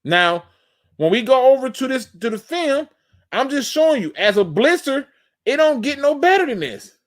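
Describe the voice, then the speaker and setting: A man's voice: extremely high pitch, big pitch swings, normal speed. A man hosting a live sports talk show, emphatic and fired-up, breaking down game film and talking straight to his audience. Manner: addresses the audience as "y'all". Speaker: host.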